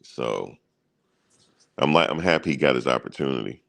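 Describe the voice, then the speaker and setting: A man's voice: a bass voice, animated, normal speed, vocal fry. A man hosting a sports channel, chatting casually in loose, slangy banter and chuckling at his own stories.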